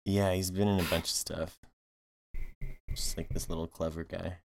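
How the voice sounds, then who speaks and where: A man's voice: low-pitched, level tone, normal speed, creaky. A man on a casual movie podcast, chiming in with short reactions and laughing asides. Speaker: podcast co-host.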